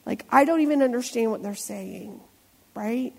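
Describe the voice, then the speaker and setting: A woman's voice: fairly high pitch, normal speed, vocal fry, darkish tone. Chatty woman pastor in a reverberant church. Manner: conversational, asks the congregation questions. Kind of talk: sermon. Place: church sanctuary.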